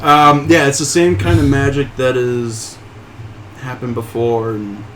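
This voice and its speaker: Halting man running a tabletop game. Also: mid-range voice, flat delivery, very noisy. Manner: halting, full of fillers and restarts. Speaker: game master.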